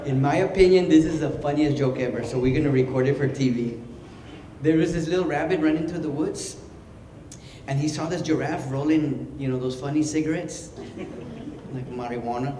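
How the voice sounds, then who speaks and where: A man, a clown and comedian, telling a joke in an animated way and laughing at his own lines. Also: a little high, fairly quick. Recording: echoey hall with ambient noise.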